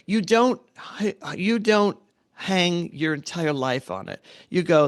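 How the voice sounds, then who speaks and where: A middle-aged man co-hosting a podcast in casual chat, animated, swearing freely and acting out quotes. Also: a little high, unhurried, clean tone, no echo, studio quality. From United States. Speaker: podcast co-host.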